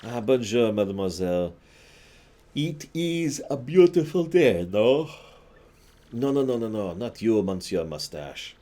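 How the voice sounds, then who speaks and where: A man's voice: medium pitch, sing-song, a little slow, warm tone, pitched above the performer's own voice. A man voicing a smarmy male flirt from a video game, speaking with oily mock-French flourishes.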